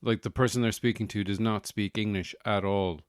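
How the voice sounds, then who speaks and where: A man's voice: on the low side, fairly even intonation, fairly quick, smooth, dry recording, studio quality. A man hosting a comedic solo podcast, rambling and sardonic with lots of fillers. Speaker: podcast host.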